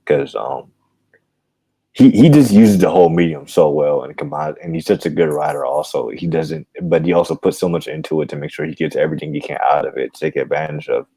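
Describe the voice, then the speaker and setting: A man with a very deep voice and a gravelly rasp. He is a podcast guest talking in a rambling, digressive way. His tone is dark and relaxed, close-miked in a dry room. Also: fast, no room sound. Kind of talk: casual chat.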